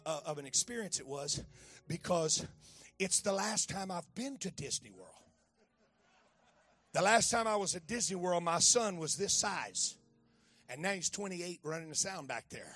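High-voiced preacher telling a story. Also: male voice, slightly rough. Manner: speaks to a child beside him, repeats phrases, swells to shouting. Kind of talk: storytelling sermon.

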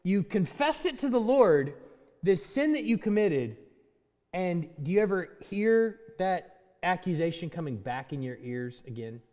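High-voiced preacher in a reverberant hall. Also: male voice, unhurried. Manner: lively preaching, acts out voices and laughs. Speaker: pastor. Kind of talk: sermon.

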